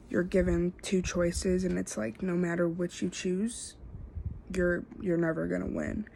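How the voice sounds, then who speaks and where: A young woman, a student, talking through a self-assessment in a halting way, full of fillers and restarts. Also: lowish voice, vocal fry, darkish tone, a little hiss or hum. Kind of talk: casual spoken self-assessment.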